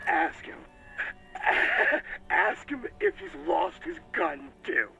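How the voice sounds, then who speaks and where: Casting: high, crackly, slow-talking game sergeant, cackling in disbelief. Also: male voice, wildly swooping pitch, vocal fry, pushed and bright, dull audio, soft background music, exaggerated voice. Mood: incredulous. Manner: disbelieving, laughing. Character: incredulous male police sergeant, cackling.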